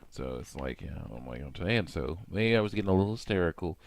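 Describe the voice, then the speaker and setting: A man's voice: deep voice, lively intonation, quick pace, dry recording. A man talking casually while working with his hands, rambling and padding his talk with hums of "mm" and "you know", often acting out his own remarks.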